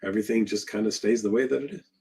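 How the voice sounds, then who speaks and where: Husky-voiced male therapist talking frankly. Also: on the low side, steady tone, fast talker, darkish tone. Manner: emphatic, conversational, rhetorical questions. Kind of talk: live Q&A talk.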